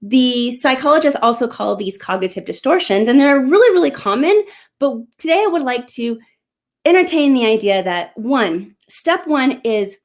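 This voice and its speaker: Earnest woman parenting coach, fairly high voice. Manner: earnest, encouraging, direct address to parents. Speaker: parenting coach and show host. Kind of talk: live parenting Q&A talk.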